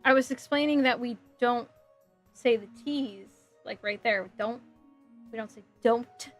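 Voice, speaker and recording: Building a model kit on her livestream, this giggly New Jersey woman speaks fairly high and unhurried over soft background music. Her casual chat with viewers wanders, and she responds aloud to their messages.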